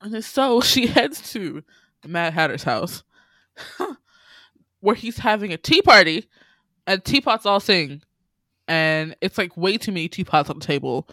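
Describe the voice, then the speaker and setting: A woman's voice: on the low side, expressive, measured pace, long pauses, fairly bright tone, dry recording. A woman in casual chat, animatedly retelling a film and acting out its characters' lines with laughter.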